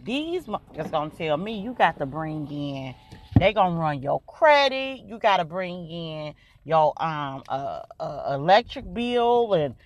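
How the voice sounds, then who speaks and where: A woman's voice: low-pitched, big pitch swings, a little slow. A woman podcast host telling a story in a casual, colloquial way, speaking straight to her listeners.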